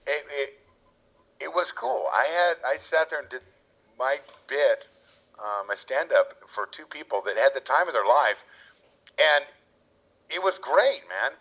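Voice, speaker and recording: A man's voice: medium pitch, a little slow, long pauses. A man guest telling casual stories and acting out the people in them. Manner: animated storyteller, acts out quotes. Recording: lo-fi muffled audio.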